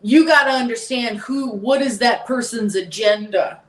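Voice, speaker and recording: A woman's voice: a little high, normal speed. A woman talking as a guest on a podcast, emphatic and heated, repeating her points. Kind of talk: casual podcast chat. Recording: echoey room, distant from mic.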